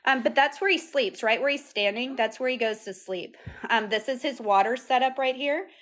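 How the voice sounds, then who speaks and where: A woman's voice: sits high, normal speed, background noise. A woman chatting casually on a phone livestream and answering viewers' comments aloud. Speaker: vlogger answering live chat. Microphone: phone camera.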